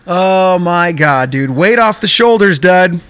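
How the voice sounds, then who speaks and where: A young man tells a story on his podcast with a high, bright voice. He is excitable and animated and swears casually. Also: slow, smooth, no room sound. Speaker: podcast host.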